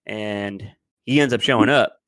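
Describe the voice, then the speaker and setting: A man's voice: fairly low pitch, unhurried, fairly bright tone, no echo. A man in his twenties telling a long story in casual podcast chat, rambling and loose. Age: 20s. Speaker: podcast co-host.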